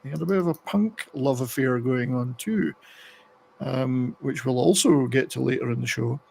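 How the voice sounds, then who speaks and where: A man with a gravelly, creaky voice hosts a relaxed chat about rock music. He rambles a bit, stops to read passages aloud, and pitches his voice right in the middle range for a man. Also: normal speed. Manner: rambling, reads excerpts aloud. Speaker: podcast host.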